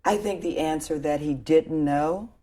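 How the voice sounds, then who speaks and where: A woman interviewing a guest in a relaxed conversation, often chiming in with agreement and short affirmations. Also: sits low, unhurried.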